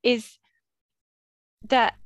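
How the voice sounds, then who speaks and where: A woman's voice: drawn-out words, no echo. Chatty woman podcast host, dry sound. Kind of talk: casual interview chat.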